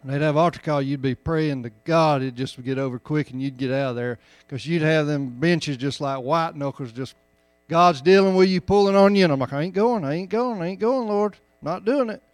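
High-voiced folksy preacher. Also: male voice, brisk, no echo. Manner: folksy storytelling, rising to loud emphatic preaching. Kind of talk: sermon.

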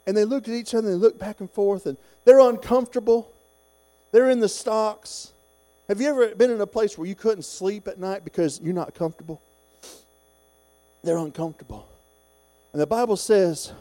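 A middle-aged preacher man with a drawl and a high voice. He shifts from low, chatty storytelling to loud, ringing shouts of praise. A low mains hum runs underneath. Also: expressive, normal speed, pauses often. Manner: builds from low conversational talk to shouted, sung-out exhortation. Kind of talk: sermon.

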